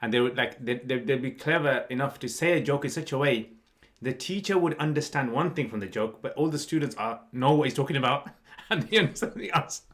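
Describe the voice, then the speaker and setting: A man's voice: mid-range voice, brisk, a bit bright. Guy, mid voice, chatty podcast host telling stories and laughing. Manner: laughing, anecdotal storytelling. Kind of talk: casual chat.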